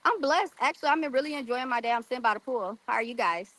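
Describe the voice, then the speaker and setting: A woman's voice: on the high side, animated, fast talker, fairly bright tone, no room sound, rough recording. A woman guest talking in a sassy, defensive way in a casual live chat from beside a pool. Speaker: podcast guest, rapper. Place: outdoors by a pool.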